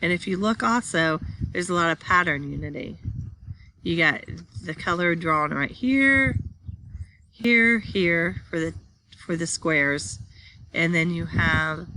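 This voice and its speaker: Bright-voiced woman teaching from slides. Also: on the low side, no echo. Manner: reads slide text aloud, then restates it plainly; points at pictures while explaining. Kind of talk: classroom slide lecture.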